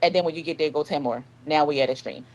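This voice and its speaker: A woman author, chatting in a casual interview. Her voice sits on the low side, and she tells stories with lots of energy, acting out the other people's lines. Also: fast talker, rough recording. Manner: animated storyteller, acts out dialogue. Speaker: author guest.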